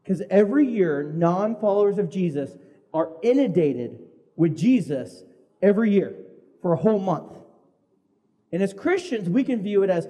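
A man's voice: high voice, big pitch swings, normal speed, dark tone, in a large hall. A male pastor preaching a sermon in an earnest way, often repeating words as he restarts.

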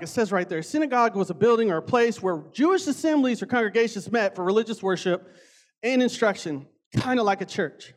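A man preaching a casual sermon, animated and conversational, often acting out voices. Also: high voice.

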